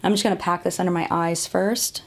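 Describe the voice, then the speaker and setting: A woman's voice: fairly low pitch, steady tone, a little fast. A woman in her thirties reviewing makeup in a casual, chatty way, often laughing at herself, talking to the camera at home. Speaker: beauty vlogger.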